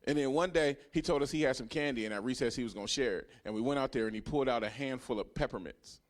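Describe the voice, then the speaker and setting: A man's voice: mid-range voice, fast talker. Profane storytelling stand-up comedian man. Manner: storytelling, profane, swings from hushed to loud. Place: comedy club stage.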